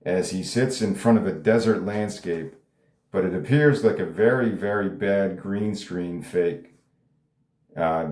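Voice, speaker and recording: A man reads a script aloud in a loose, casual way, dropping laughing asides. His voice is low and mellow. The recording has a roomy echo. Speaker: script reader. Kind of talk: casual table read narration.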